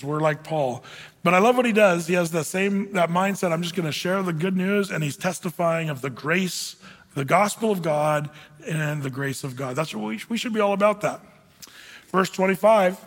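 Man, pastor, chatty sermon, slow scripture reading, high voice, long reverb. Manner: conversational, many fillers, reads scripture slowly.

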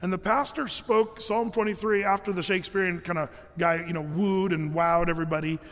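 High-voiced man preaching in a reverberant hall. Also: fairly even intonation, a little fast, a bit bright. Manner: conversational, with many fillers and restarts. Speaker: pastor. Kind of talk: sermon.

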